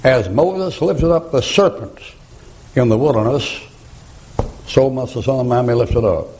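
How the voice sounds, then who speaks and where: A man's voice: medium pitch, unhurried, low-quality recording. An older man preaching a folksy sermon full of stories, chuckling as he talks. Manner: folksy storytelling, chuckling, rising to shouted rhymes.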